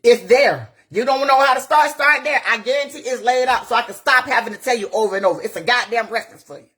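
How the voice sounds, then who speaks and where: Blunt, husky-voiced woman on a live rant. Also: a little high, fairly bright tone. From Gainesville, Florida. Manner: blunt, profane, rapid-fire rhetorical questions. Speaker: community activist. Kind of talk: impassioned live-video rant. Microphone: phone on a live video.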